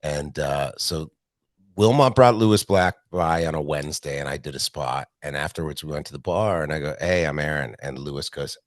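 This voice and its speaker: A man, a stand-up comedian from Canada, telling profane, animated anecdotes as a podcast guest. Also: a bass voice, normal speed, no echo, studio quality. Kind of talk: casual storytelling interview.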